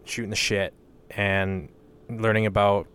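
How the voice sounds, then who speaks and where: A level-toned, slightly bright lowish voice comes a little slowly over slight background noise. The speaker, a young man from western Canada, runs a casual solo podcast where he rambles bluntly, swears freely, and uses lots of "you know" and "like."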